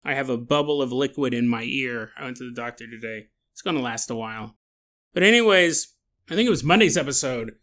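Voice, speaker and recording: A man hosting a solo podcast who is sick with a sore, dry throat. He muses aloud in an animated, joking way and often breaks into laughter. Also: mid-range voice, a little fast. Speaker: podcast host.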